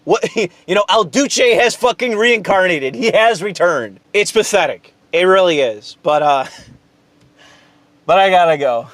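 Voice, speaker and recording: Heated male commentator, high-pitched, sarcastic and profane, recorded dry and close. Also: lively intonation, unhurried, fairly bright tone, no echo. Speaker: political commentary host. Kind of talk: angry political rant.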